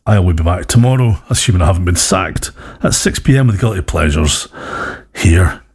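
A man's voice: sits low, expressive, normal speed, darkish tone, slightly rough. A man presenting a radio show, rambling in a jokey, self-mocking way.

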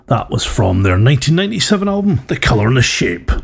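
A man's voice: mid-range voice, very animated, fast talker, gravelly, slightly rough. A man presenting a radio show, rambling in a jokey, self-mocking way.

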